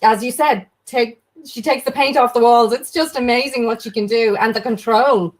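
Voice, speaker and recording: Irish lady hosting a video chat, highish voice, gushes and agrees a lot, lots of ums. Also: moderate pace. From Ireland. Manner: warm effusive agreeing, many fillers. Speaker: host. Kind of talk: casual chat.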